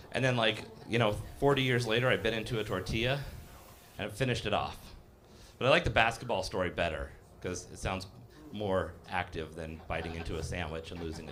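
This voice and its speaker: A man's voice: mid-range voice, a bit bright, slight background noise. A man in his fifties doing a live stand-up set, rambling and self-deprecating, full of fillers and acted-out voices. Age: 50s. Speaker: stand-up comedian. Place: live comedy cafe stage.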